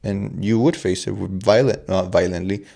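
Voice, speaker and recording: Rambling, profane young man, lowish voice. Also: fairly even intonation, normal speed, creaky, mellow. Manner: rambling, profane, jokey, with restarts. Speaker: podcast host. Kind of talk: casual chat.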